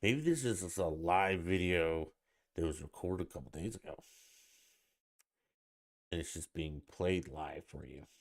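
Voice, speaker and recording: A man hosting his own podcast alone, talking in a blunt, irritated and profane way. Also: sits low. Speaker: podcast host. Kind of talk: casual solo podcast rant.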